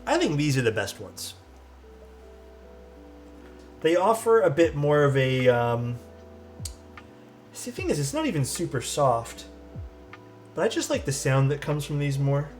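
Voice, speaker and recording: Soft music backs a man whose high-ish, a little mellow voice swings widely in pitch at a measured pace with long pauses. Streaming a keyboard build, he talks casually, thinks aloud, answers chat, and sometimes moves away from the mic to look for parts.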